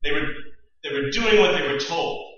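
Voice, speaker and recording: A man's voice: on the high side, moderate pace. Guy preaching a sermon, kinda muffled lo-fi sound, lots of restarts, really earnest. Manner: earnest, animated retelling with frequent restarts. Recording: echoey room, distant, dull mic.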